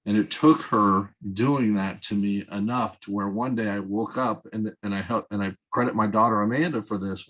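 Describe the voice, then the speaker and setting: A man's voice: on the low side, steady tone, moderate pace, hardly any pauses, fairly bright tone, low-quality recording. A man in his fifties speaking as a podcast guest, earnest and emphatic, repeating words for stress. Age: 50s. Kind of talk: candid conversational talk.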